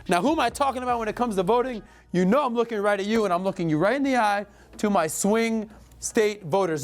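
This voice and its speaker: A man from Florida hosting a show, delivering emphatic, blunt commentary straight to camera, with casual swearing and repeated calls to action. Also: sits high. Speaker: show host. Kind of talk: direct-to-camera political commentary.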